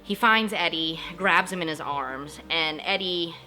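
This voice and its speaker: A woman hosting a casual TV recap, chatty and emotionally invested, acting out characters' lines in quick asides. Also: fairly low pitch, bright, forceful tone, soft background music. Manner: emotionally invested, jokes about crying. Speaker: host of a TV recap channel.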